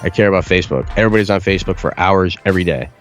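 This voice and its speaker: A man, a music producer guest on a podcast, explaining marketing in casual chat with a blunt, profane, animated manner. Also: low voice, racing.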